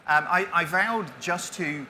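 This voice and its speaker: A man's voice: sits high, measured pace, sharp tone, slight background noise. A man in his forties giving a self-deprecating conference talk, with many restarts as he tells his story. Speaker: keynote speaker. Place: conference stage.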